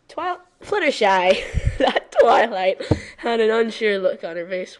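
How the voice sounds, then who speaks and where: A woman reads a story aloud and keeps breaking off for exasperated, sarcastic asides. She reads slowly, and her pitch jumps around a lot. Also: big pitch swings. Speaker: story reader. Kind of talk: reading a fan fiction aloud with reactions.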